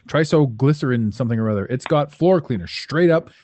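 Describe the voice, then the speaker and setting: A man's voice: medium pitch, animated, a little fast, a little mellow. A man hosting a podcast in casual chat, talking bluntly and emphatically and swearing freely. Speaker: podcast host.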